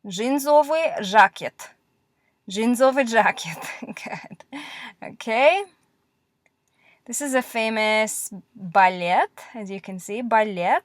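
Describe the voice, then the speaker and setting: A woman teaching Russian letters in a classroom-style lesson, patient and encouraging, repeating words slowly. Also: fairly high pitch, no echo, studio quality.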